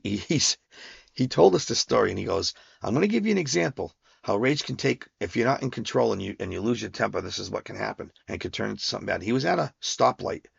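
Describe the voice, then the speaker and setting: A man's voice: on the low side, creaky, fairly bright tone, husky, dry recording. A man hosting a podcast, talking through a personal reflection in a rambling way with many restarts and fillers. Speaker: podcast host. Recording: dull lo-fi sound.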